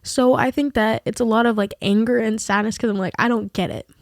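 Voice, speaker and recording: A woman's voice: on the high side, fairly even intonation, fairly quick, no echo, studio quality. A young adult woman talking candidly in a confessional vlog, rambling with many fillers. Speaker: vlogger.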